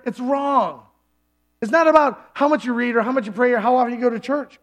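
A man's voice: very high voice, a little fast. A male pastor preaching a sermon in a church service, talking conversationally and acting out the voices of the people he quotes.

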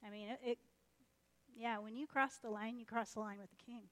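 A woman preaching a sermon as lively, chatty storytelling, acting out the characters' voices. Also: fairly high pitch, a little fast. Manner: animated, chatty, acts out voices.

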